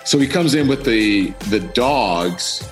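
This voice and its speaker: A man's voice: medium pitch, slow pace, faint music behind. A man, a news anchor appearing as a guest, tells a personal story in a podcast interview, acting out the dialogue and laughing often. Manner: animated, acts out quoted dialogue, laughs often.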